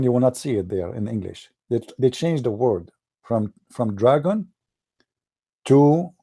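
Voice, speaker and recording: A man giving mocking, sarcastic livestream commentary as a religious debate streamer, dropping into dramatic hushed asides. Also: mid-range voice, vocal fry.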